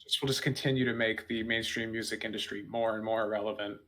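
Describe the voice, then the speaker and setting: A podcast co-host, a man with a low voice, drops dry, sarcastic one-liners into a casual conversation. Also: steady tone, fast, gravelly, fairly bright tone.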